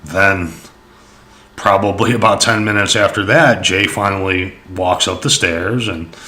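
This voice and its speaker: A man's voice: low-pitched, steady tone, unhurried, bright, forceful tone. A young man telling a personal story in a rambling, casual way, with lots of fillers and swearing. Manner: rambling, profane, many fillers.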